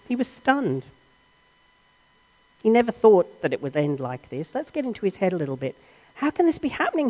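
A woman preacher tells a story in an earnest, dramatic way, asking question after question. Her voice sits on the low side, and a long hall reverb trails each phrase. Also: darkish tone. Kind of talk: sermon, storytelling retelling.

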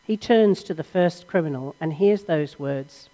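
A woman preacher tells a story in an earnest, dramatic way, asking question after question. Her voice sits on the low side, and a long hall reverb trails each phrase. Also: unhurried, mellow. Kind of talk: sermon, storytelling retelling.

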